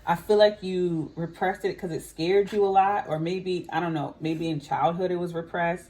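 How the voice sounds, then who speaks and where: A woman talks her viewers through a tarot spread in a relaxed, musing way, often thinking aloud with "I feel like". Her voice sits somewhat low for a woman. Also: moderate pace. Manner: chatty, musing, frequent "I feel like". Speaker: tarot reader. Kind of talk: casual psychic reading to camera.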